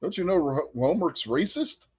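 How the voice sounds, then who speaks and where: A man's voice: on the high side, lively intonation, normal speed, a little mellow, slightly rough, dry recording, lo-fi sound. A man co-hosting a casual podcast chat, sarcastic and teasing, laughing often. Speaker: podcast co-host.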